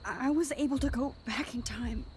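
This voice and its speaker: An earnest, anxious teenage girl, played by a woman in a video game. She pleads in a quiet, worried voice set high. A faint hiss sits behind her. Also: fairly quick, lightly acted.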